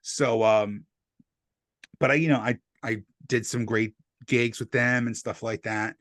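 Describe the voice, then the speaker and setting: The New Jersey stand-up has a medium pitch and a measured pace here, telling podcast stories casually while cursing and performing what people said in an animated style. His desk USB mic captures clean studio audio with no echo.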